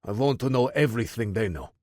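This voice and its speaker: A man's voice: mid-range voice, expressive, quick pace, darkish tone, no echo, studio quality, natural voice. A man voicing a hulking Russian commander with a heavy accent. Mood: commanding. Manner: cold, commanding. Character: huge menacing Russian soldier commander, man.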